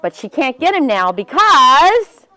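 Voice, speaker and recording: Animated woman telling a story to children. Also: high voice, a little slow. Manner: animated, expressive, addresses listeners directly. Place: library.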